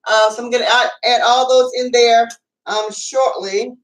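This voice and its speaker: A high-voiced woman talks through a home cooking demonstration in a loose, chatty way, pausing often on filler words. She stands some distance from the mic, and her voice rings around an echoey kitchen. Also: fairly even intonation. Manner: chatty, rambling, many fillers. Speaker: cooking show host. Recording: echoey room, away from the mic.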